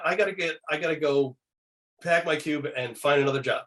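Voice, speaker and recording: A man's voice: on the high side, a little fast, a bit bright. A middle-aged man, a guest on an interview show, telling anecdotes casually and acting out the people he quotes in shifting voices.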